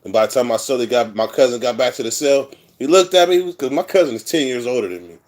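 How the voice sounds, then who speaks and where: A man's voice: medium pitch, expressive, fast talker, a little mellow. Middle-aged man, rambling, candid, swearing freely, casual storytelling. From California. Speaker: vlogger telling prison stories.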